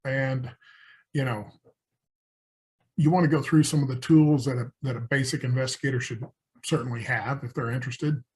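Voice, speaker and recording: A man's voice: mid-range voice, fairly even intonation, moderate pace, pauses often, darkish tone. A man hosting a podcast, asking a guest conversational questions. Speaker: podcast host. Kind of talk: casual interview.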